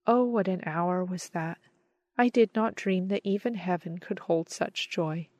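A woman reading a story aloud as narrator, in a measured, expressive storytelling manner. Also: lowish voice, no room sound. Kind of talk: scripted audiobook narration.

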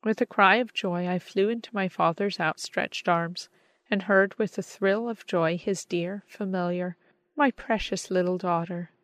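A woman reading a story aloud as narrator, in a measured, expressive storytelling manner. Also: medium pitch, dry recording. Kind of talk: scripted audiobook narration.

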